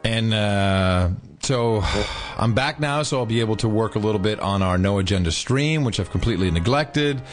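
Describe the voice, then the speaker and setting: A man's voice: lowish voice, moderate pace. Jet-lagged podcast guy joking around, voice swings up and down a lot, faint music under it. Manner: loose, joking, animated banter with laughs. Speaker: podcast co-host. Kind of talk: casual chat. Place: United Kingdom.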